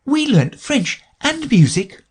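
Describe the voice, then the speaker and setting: A man's voice: very high-pitched, very animated, slow pace, slightly rough, pitched above the performer's own voice, full character voice. A man voicing Alice as a polite, curious young girl in a storybook reading, with an earnest, questioning manner.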